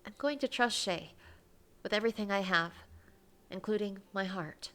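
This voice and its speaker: A woman's voice: mid-range voice, moderate pace, a bit bright, pitched above the performer's own voice, natural voice. A woman reading an emotional young heroine in love. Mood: heartfelt. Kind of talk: reading a visual novel aloud.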